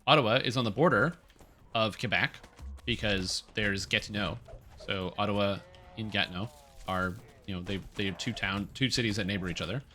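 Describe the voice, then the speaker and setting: A man's voice: fairly low pitch, brisk, bright, forceful tone. A man from Canada, a game streamer, chatting casually and rambling with lots of fillers and restarts. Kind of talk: casual gaming stream chat.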